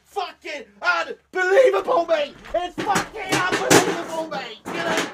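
A man's voice: extremely high pitch, normal speed, gravelly, few pauses, heavy background noise. A young man, ranting and swearing as he reacts live to a football match. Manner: ranting, sweary, shouting in frustration. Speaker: football fan streamer.

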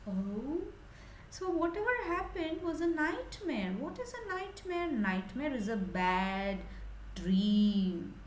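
A woman teacher explaining a story to young children, animated and asking them questions. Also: sits high, slow pace, reverberant, a little hiss or hum, rough recording.

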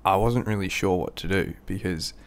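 A man's voice: sits low, normal speed, clear, resonant tone. A young Australian man telling a crude, rambling, self-mocking anecdote in a casual way, laughing at his own story.

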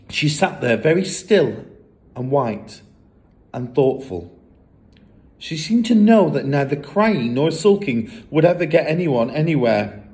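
Man reading a children's story aloud. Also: medium pitch. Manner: expressive, lively storytelling.

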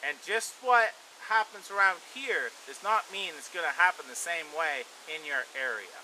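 A man with a bright, sharp voice, pitched a little above the usual, tells a story casually and at an easy pace. He rambles a bit and leans on "you know" as he goes. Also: normal speed, slight background noise, poor audio. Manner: relaxed, rambling, frequent "you know" fillers. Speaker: bushcraft and survival channel host.

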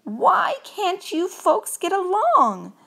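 A woman voicing a friendly, worried male ghost in a storybook read-aloud, calling out in a high, drawn-out voice. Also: big pitch swings, creaky, heavily acted. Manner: high, loud and drawn-out calls. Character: friendly fretful male ghost, stern when pushed.

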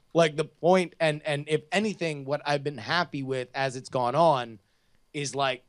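A man co-hosting a podcast, chatting casually about TV shows with many restarts and fillers. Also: medium pitch. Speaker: podcast co-host. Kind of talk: casual chat.

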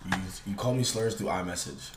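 A young man streaming a live reaction, talking in slang and swinging from low mutters to loud excited shouts. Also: a little fast. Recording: roomy echo with faint noise.

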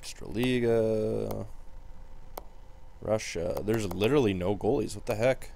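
A man's voice: on the low side, measured pace, gravelly, dark tone, a little hiss or hum. Exasperated young man grumbling through commentary. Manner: exasperated, rambling, muttering to himself. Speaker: gaming commentator. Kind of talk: casual game commentary.

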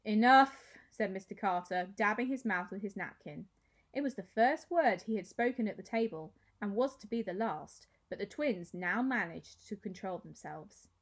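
A woman teacher reading a children's novel aloud with expressive storytelling. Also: medium pitch, moderate pace, slightly rough.

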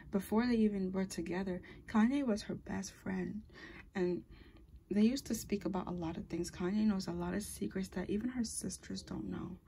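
Gravelly-voiced woman doing a chatty tarot reading. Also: medium pitch, mellow, slight background noise. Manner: chatty and rambling, with frequent fillers and self-corrections. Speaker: tarot reader. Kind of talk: casual tarot reading monologue.

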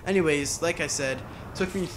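A man's voice: a little high, normal speed, noisy background. Rambling man's chatty game commentary. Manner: rambling, chatty, side tangents. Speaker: gaming channel host. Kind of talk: casual gameplay commentary.

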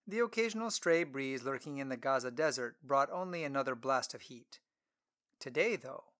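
A man narrating an audiobook story in a clear, expressive storytelling manner. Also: medium pitch.

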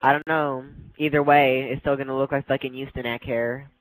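A man's voice: medium pitch, level tone, fairly quick, dry recording, low-quality recording. A man in an online game voice chat, hurling a relentless stream of profane insults through a gaming headset. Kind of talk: heated insult argument. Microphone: gaming headset over online voice chat.

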